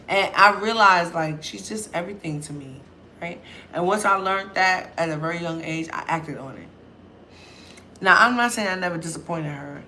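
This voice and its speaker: A young woman vlogger, chatting loudly and telling stories straight to camera. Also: on the low side, slight background noise. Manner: loud, chatty storyteller. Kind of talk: casual talk to camera.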